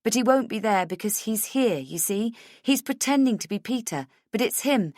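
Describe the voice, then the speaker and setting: A woman voicing a frantic young wife who is sure she is being hunted, urgent and pleading, at times shouting. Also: on the high side, lively intonation, a little slow, dry recording, studio quality, voice pushed up.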